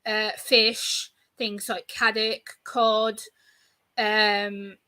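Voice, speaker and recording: A woman in her thirties, a guest in a casual interview, telling stories in an animated way and acting out exchanges. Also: medium pitch, very slow, smooth. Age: 30s. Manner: animated storyteller, acts out exchanges.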